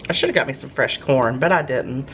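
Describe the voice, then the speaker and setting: Animated and brisk, a very deep-voiced woman gives a casual cooking chat to camera in her home kitchen, folksy and gushing over fresh food. The audio is poor, with a little hiss or hum plus the clatter of pots and dishes.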